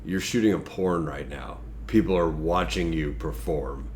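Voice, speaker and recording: Congested man with a very low voice. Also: unhurried, a little mellow, a little hiss or hum. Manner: crude, joking, rambling. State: congested from a cold. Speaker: podcast host. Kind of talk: casual podcast chat.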